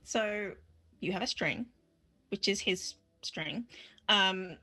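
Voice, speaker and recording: Woman game master, playful, husky bright voice, lively pitch. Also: slow. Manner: playful, laughs often. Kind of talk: running a tabletop game, casual chat.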